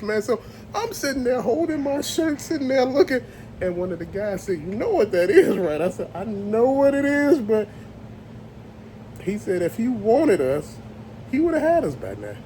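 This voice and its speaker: A man tells a creepy story in loose, profane everyday talk and puts on little voices and sounds as he goes. His voice sits high for a man and leaps all over the place. A faint background hiss stays under his voice. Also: big pitch swings, moderate pace, darkish tone. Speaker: storyteller host. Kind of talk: casual spoken storytelling.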